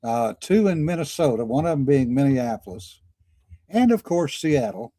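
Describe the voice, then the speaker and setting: A man's voice: mid-range voice, big pitch swings, moderate pace, dark tone, no room sound. A man co-hosting a casual livestream chat, telling stories and laughing often. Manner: chatty storyteller, laughs often. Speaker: podcast co-host.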